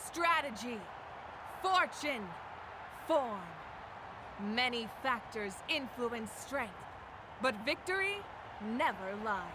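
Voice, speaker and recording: A woman voicing a proud, commanding woman who hosts a ceremony, speaking in a slow, solemn, declamatory way. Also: on the high side, lively intonation. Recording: game audio with crowd and noise.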